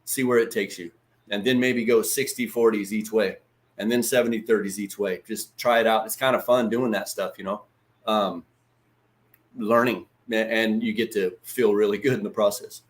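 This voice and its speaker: A man's voice: on the low side, steady tone, normal speed. A man hosting a casual livestream lesson. He talks in a loose, chatty way, swears freely and greets viewers by name. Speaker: livestream host.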